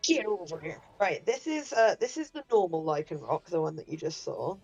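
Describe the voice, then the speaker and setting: A woman's voice: low-pitched, big pitch swings, brisk, creaky, darkish tone, dull audio, faint music behind. A woman co-hosting a game stream, playful and teasing, chatting casually and swearing now and then. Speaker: streamer co-host. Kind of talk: casual chat while gaming.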